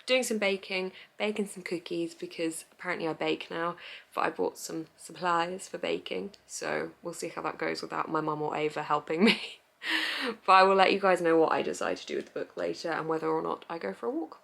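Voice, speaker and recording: A woman's voice: low voice, fairly quick, gravelly, fairly bright tone. A young woman chatting casually on her reading vlog, rambling, giggly and easily sidetracked. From England. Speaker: book vlogger.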